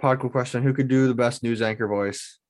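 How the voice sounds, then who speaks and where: A man's voice: medium pitch, fairly even intonation, brisk. A man co-hosting a podcast in casual chat, upbeat and prompting the others. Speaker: podcast co-host.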